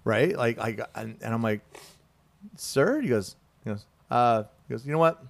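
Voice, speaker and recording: Male podcast co-host, ex-Marine, lively swooping delivery, salty storyteller. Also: medium pitch, a little slow, vocal fry. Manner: profane, animated storyteller who acts out quoted voices. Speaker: Marine veteran. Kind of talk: casual storytelling.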